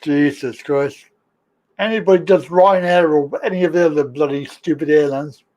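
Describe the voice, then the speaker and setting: A man's voice: a little high, moderate pace, a little mellow. A man chatting as a livestream guest, laughing a lot, swearing and teasing. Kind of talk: casual banter.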